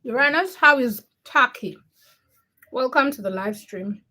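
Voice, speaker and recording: A woman's voice: fairly high pitch, expressive, measured pace, pushed and bright. A young woman from Uganda hosting a casual livestream, reading viewer comments by name and teasing them. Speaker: livestream host.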